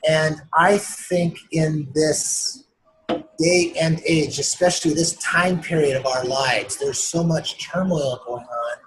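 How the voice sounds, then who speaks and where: A man with a fairly high voice tells stories in an animated way, and he slips into the voices of the people he meets. Faint noise hums behind him on a remote interview line. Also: poor audio. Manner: enthusiastic, acts out other people's lines as he retells stories. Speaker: author being interviewed. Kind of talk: animated storytelling in a casual interview. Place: remote interview streamed live online.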